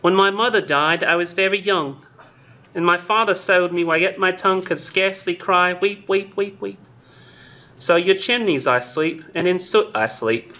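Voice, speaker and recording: Guy doing a little british kid sweep, sing-songy nursery rhyme read, accent slipping a bit australian, higher and brighter. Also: normal speed, dull audio. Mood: sing-song. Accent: put-on British, drifting Australian. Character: tiny young British boy chimney sweep. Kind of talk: reading a poem aloud in character. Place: classroom.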